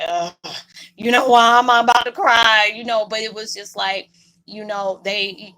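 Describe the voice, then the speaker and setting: In poor audio, a woman with a mid-range, bright and forceful voice talks to her viewers. She's a spiritual vlogger, and her casual monologue is rambling and heartfelt as she tries not to cry.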